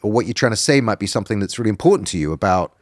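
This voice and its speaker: A man's voice: lowish voice, animated, rapid-fire, dry recording. British man telling stories, dry sound. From Britain. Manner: rambling storytelling with restarts. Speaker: documentary filmmaker guest. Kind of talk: casual podcast conversation.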